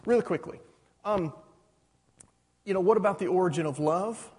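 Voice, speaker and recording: A man's voice: high voice, normal speed, darkish tone, breathy edge. A middle-aged man preaching a sermon, pressing his points with rhetorical questions and asking "you understand that?". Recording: reverberant hall.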